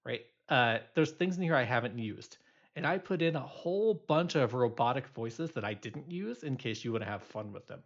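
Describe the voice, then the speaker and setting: A man's voice: mid-range voice, animated, normal speed, highs cut off. A male instructor giving a recorded programming lecture, explaining loosely with many fillers and restarts.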